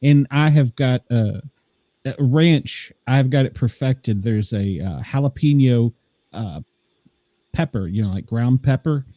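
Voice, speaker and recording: Mellow-voiced man from the American South. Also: mid-range voice, animated, dry recording. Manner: easygoing, halting, lots of fillers. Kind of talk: casual podcast chat.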